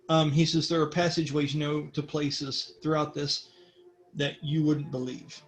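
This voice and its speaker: A game master runs a tabletop role-playing session, describing the scene to his players. His voice is fairly high for a man, and he rambles in a relaxed way, filling his pauses with plenty of ums.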